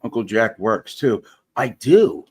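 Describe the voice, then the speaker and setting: Man, livestream guest, husky voice, lively pitch, profane, rambling, joking. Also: takes it slowly. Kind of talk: casual livestream chat.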